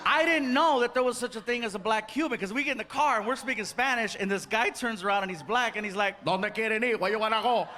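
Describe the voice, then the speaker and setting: High-voiced man telling a stand-up story. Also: fast talker, few pauses. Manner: animated, acts out dialogue, laughing. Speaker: stand-up comedian. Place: comedy stage before an audience. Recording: live show with audience laughter and noise.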